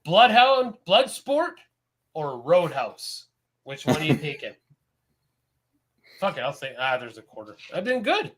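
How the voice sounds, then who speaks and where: A Canadian man co-hosting a podcast in casual chat, rambling and animated, laughing often. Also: fairly high pitch, normal speed. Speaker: podcast co-host.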